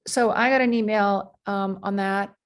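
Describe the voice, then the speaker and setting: A woman's voice: mid-range voice, steady tone, measured pace. Woman surgeon telling workplace stories. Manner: rambling anecdotes with frequent fillers and restarts. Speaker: surgeon, interview guest. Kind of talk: conversational storytelling.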